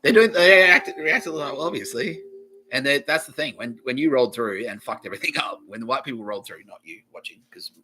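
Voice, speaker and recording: A man hosting a podcast, rambling through an excitable, profane comedy monologue and laughing often mid-sentence. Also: medium pitch, brisk, slight background noise, poor audio. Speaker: podcast host.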